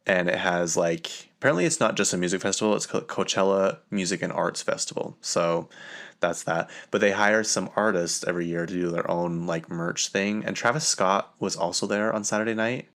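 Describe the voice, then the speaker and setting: A man's voice: low voice, normal speed, vocal fry, fairly bright tone. A young man hosting a podcast, telling a rambling, casual story full of fillers and restarts. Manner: rambling, filler-heavy, self-interrupting. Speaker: podcast host.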